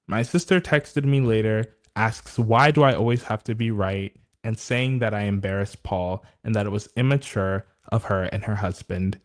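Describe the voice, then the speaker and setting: Laughing young man reading stories aloud. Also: fairly low pitch. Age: young adult. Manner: laughs often, reads listener stories aloud. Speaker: podcast host.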